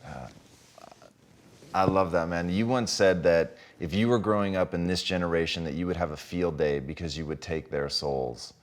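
A man's voice: sits low, normal speed. A man hosting an interview, reflective and conversational, who swears when he gets emphatic. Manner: reflective, building to emphatic, profane. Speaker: podcast host.

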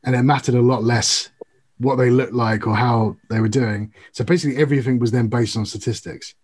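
A man's voice: medium pitch, fairly quick, husky. A young man from the UK chatting casually about sport, telling stories and explaining at length. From United Kingdom. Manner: animated storytelling, explains at length. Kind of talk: casual chat.

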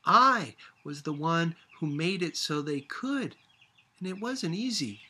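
A man's voice: on the high side, expressive, takes it slowly, pushed and bright, a little hiss or hum, voice pushed up, exaggerated voice. A man voicing an old grandmother in a read-aloud storybook, with emphatic rising and falling delivery. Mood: upset. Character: old grandmother, wistful and prickly.

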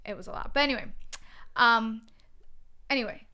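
A woman co-hosting a casual faith podcast, her voice bright and crisp, sitting a little high. She tells stories in an animated way, full of fillers and sudden lively bursts. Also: moderate pace. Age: adult with a daughter. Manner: animated storyteller, many fillers. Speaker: co-host.

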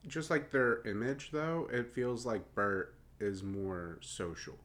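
A man's voice: fairly low pitch, slow, fairly bright tone. A young man co-hosting a podcast, trading dry, teasing remarks in casual chat. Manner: dry, teasing back-and-forth. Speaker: podcast co-host. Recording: faint background noise.

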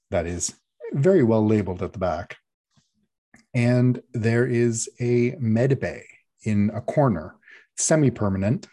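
A man's voice: on the low side, dark tone. A man narrating a tabletop game as game master, describing scenes at length with frequent fillers.

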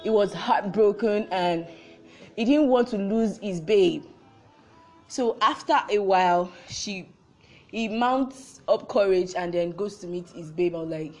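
A woman's voice: medium pitch, slow pace, a little mellow, soft background music. A young woman tells a role-reversal story, firing off repeated rhetorical questions.

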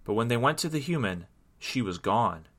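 A man reading a children's story aloud in an expressive, sing-song storytelling way. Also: medium pitch, normal speed.

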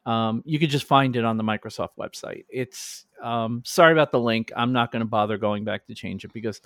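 A man's voice: mid-range voice, a bit bright, no echo, clean studio sound. A man hosting a podcast in casual chat, talkative and self-deprecating. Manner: chatty, self-deprecating, quick restarts. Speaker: podcast host.

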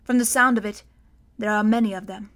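A woman reading aloud, voicing a calm, commanding man who speaks in a measured way. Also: mid-range voice, close to an everyday voice. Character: calm, commanding male guardian.

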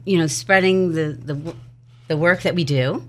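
A woman's voice: low voice, moderate pace, slight background noise. A woman in her fifties co-hosting a podcast with her husband, chatty and laughing often, sometimes trailing off. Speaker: podcast co-host. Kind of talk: casual chat with spouse.

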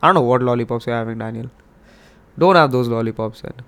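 A young male podcast host with a gravelly, fry-tinged voice. He rambles in a hyped, joking way, swears freely and keeps his pitch in the middle range. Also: fast, a bit bright. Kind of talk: casual monologue.

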